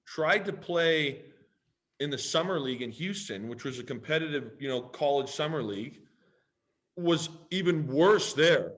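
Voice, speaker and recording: Guy in his thirties, a podcast guest spinning a story with plenty of swearing and acted-out dialogue. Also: on the high side. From Canada. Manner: animated, profane, acts out both sides of conversations. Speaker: podcast guest, pro football player. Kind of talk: casual storytelling.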